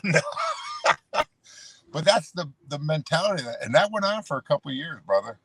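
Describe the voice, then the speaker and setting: Very animated and fast, this man's voice is fairly high, a bit bright, with a breathy edge and no room sound. A former pro wrestler on as a guest, he rattles off rambling road stories, calling the host "brother" and relying on "you know."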